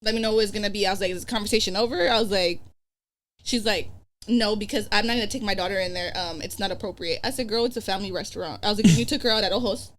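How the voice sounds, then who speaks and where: Rapid-fire and a bit bright at a mid-range pitch, a pregnant young woman guesting on a podcast recounts a story conversationally. She curses liberally and performs the quoted lines as she goes.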